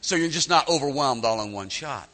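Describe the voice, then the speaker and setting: A male pastor preaching a sermon, animated, often repeating words as he starts a phrase. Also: medium pitch, brisk, in a large hall.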